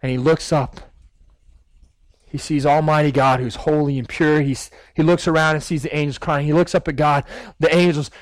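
A man's voice: fairly high pitch, level tone, normal speed, no echo, rough recording. A male guest preacher giving a sermon, telling a story vividly and acting out the scenes.

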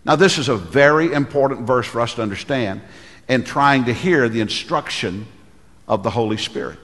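With a mid-range, fairly bright voice and a long reverb tail, a middle-aged man delivers a sermon at a moderate pace. He's a pastor who tells folksy stories, performing the voices of those he quotes.

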